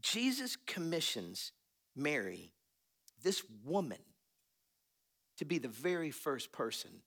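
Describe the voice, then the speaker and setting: A man preaching a sermon in a conversational, animated way, reading scripture and talking it through with frequent laughs. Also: a little high, takes it slowly, long pauses. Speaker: pastor.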